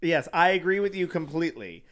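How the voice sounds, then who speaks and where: A man's voice: fairly high pitch, very animated, fairly quick, fairly bright tone. Joking flamboyant man, podcast co-host. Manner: flamboyant, joking, laughs often. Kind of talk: casual chat recapping a reality show.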